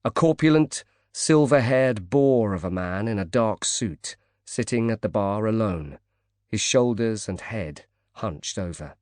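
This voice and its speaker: A man reads a thriller audiobook as scripted narration, measured and even. His voice sits on the low side, and the studio sound is clean with no echo.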